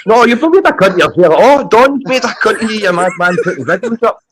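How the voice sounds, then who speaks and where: A man in casual chat, calm and reasoning, reassuring his friend. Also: high-pitched, fast talker, noisy background.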